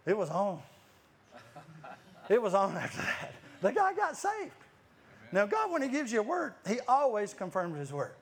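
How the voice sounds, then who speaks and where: A man's voice: high voice, wildly swooping pitch, normal speed, pauses often. A man preaching a sermon, telling stories with many restarts and frequent laughter. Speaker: guest preacher. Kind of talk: lively sermon storytelling.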